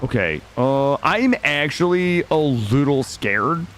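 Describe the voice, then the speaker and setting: A man streaming a game live, talking casually to his chat in an excitable, slangy way and swearing freely. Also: a little high, takes it slowly.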